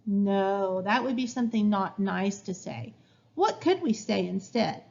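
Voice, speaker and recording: Woman, teacher, slow clear sing-song, talking to small children, muffled lo-fi sound. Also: mid-range voice, animated, a little mellow, slight background noise. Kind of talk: classroom rules lesson to young children. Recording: dull lo-fi recording.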